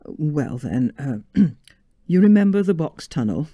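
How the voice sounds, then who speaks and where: A woman's voice: deep voice, big pitch swings, a little slow, warm tone, no echo, studio quality, full character voice. Woman reading as a sheepish young husband. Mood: earnest, tender.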